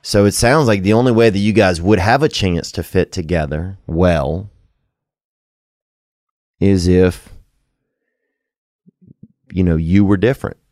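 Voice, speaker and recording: Deep-voiced man hosting a call-in show. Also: measured pace, long pauses, a little mellow, no room sound, clean studio sound. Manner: loose, rambling, crude jokes with sincere advice. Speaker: podcast host taking calls. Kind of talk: casual call-in show chat.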